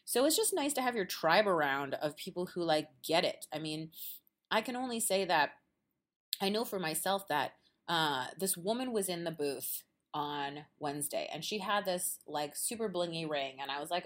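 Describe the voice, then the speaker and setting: Chatty, animated woman hosting a podcast. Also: fairly low pitch, normal speed. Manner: animated storyteller, acts out quotes, laughs often. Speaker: podcast host. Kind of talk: casual chat. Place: at a quilt show.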